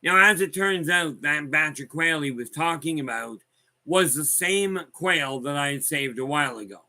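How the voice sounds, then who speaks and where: A man's voice: fairly high pitch, normal speed, sharp tone. A man casually chatting as host, telling rambling, wry stories and answering viewer comments. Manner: rambling, wry, folksy storyteller who reads viewer comments aloud. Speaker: host of a live talk stream. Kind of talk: casual storytelling chat.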